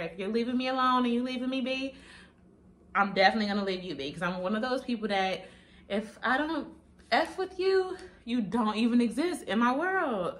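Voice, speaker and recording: A woman in her twenties talking casually to camera in a vlog, sassy and blunt, with plenty of swearing. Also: medium pitch. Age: 20s. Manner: sassy, blunt, profane, animated. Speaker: vlogger.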